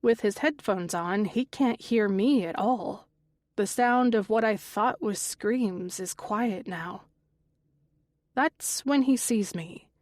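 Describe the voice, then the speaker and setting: A woman narrating a first-person mystery audiobook in a measured, even voice. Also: medium pitch, no echo.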